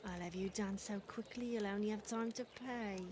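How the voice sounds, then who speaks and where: An actress voicing a flirtatious Victorian streetwalker in a video game, with a coaxing manner. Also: female voice, mid-range voice, normal speed, a little mellow, lightly acted. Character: sultry Victorian streetwalker woman, teasing.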